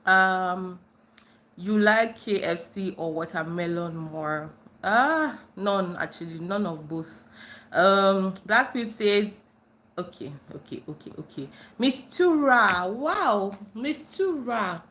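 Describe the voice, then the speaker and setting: A woman's voice: takes it slowly, fairly bright tone. Bubbly Nigerian woman hosting a livestream. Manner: bubbly, bursts into high squeals greeting friends. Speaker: livestream host reading chat. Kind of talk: casual livestream chat.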